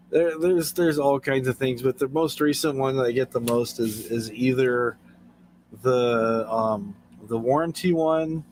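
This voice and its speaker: A man's voice: medium pitch, a little mellow, a little hiss or hum, rough recording. A man hosting a casual late-night livestream, telling stories and chuckling often as he talks. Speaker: livestream host.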